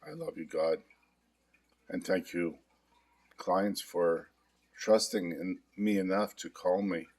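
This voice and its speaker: A middle-aged man guiding a self-help tapping session, speaking in a calm, confessional way with repeated affirmations. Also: deep voice, slow pace, pauses often. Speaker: hypnotherapist demonstrating tapping. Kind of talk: guided self-help demonstration.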